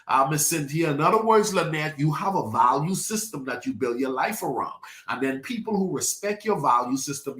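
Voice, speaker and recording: A man's voice: medium pitch, a bit bright, echoey room. A male pastor, preaching a sermon and calling out to congregation members by name. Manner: preachy call-and-response, addresses congregation by name. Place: church sanctuary.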